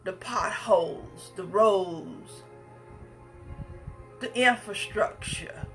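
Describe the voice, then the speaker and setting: A woman's voice: mid-range voice, extremely slow, soft background music. A woman, giving an impassioned speech with emphatic, repetitive phrasing. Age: 50s. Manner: emphatic, repetitive, preacher-like cadence. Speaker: speaker addressing the public.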